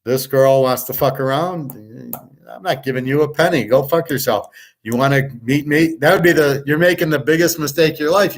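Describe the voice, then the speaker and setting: Blunt, profane man ranting on a live stream. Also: medium pitch. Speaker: sports handicapper and show host. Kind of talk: casual live-stream rant.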